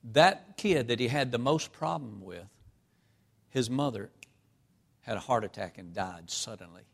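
A man from North Carolina preaching a storytelling sermon, his voice falling to a tearful hush and rising to loud, fervent emphasis. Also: medium pitch, expressive, unhurried, gravelly. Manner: reads scripture in an old-fashioned cadence.

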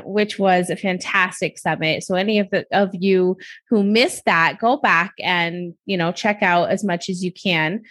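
A woman hosting a podcast interview, chatty and upbeat, laughing easily with her guest. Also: medium pitch. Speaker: podcast host. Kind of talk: casual interview chat.

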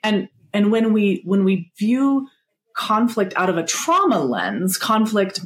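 Animated woman, therapist guest. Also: slow. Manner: animated, acts out quotes with big pitch jumps. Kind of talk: casual podcast conversation.

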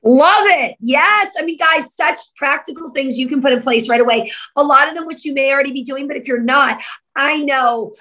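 A woman's voice: high voice, moderate pace, sharp tone, poor audio. A woman hosting a podcast, upbeat and enthusiastic, with lots of "like" in her talk. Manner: upbeat, enthusiastic, says "like" often. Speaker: podcast host. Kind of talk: casual podcast interview.

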